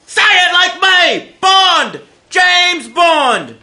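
A man playing a shrill, furious film director. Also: very animated, slow pace, exaggerated voice. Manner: yelling orders.

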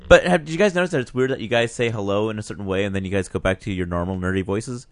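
A man hosting a comedy podcast, joking and excitable as he introduces his co-hosts. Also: on the low side, very fast, no echo. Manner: excitable, jokey, talks over others. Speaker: podcast host. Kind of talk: casual comedic podcast banter.

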